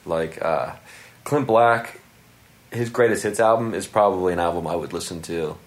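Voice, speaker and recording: A man's voice: deep voice, normal speed. A man, a stand-up comedian, chatting loosely with lots of filler words. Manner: loose, laid-back, many fillers. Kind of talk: casual chat. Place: hotel room.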